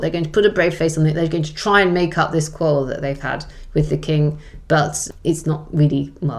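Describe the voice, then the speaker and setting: A middle-aged woman author telling history with wry, lively storytelling in an interview. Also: low-pitched. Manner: lively, wry storyteller who acts out quoted lines.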